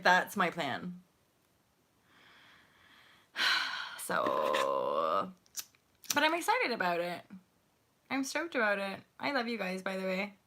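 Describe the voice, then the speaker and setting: A woman's voice: on the low side, pushed and bright. A woman in her forties hosting a casual livestream chat, talking in a playful, slangy way and laughing often. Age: 40s. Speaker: livestream host.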